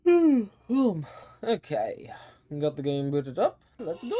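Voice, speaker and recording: A man's voice: fairly high pitch, wildly swooping pitch, slow, dark tone. A young man chatting casually as a game streamer, laid-back and chatty with the odd swear word.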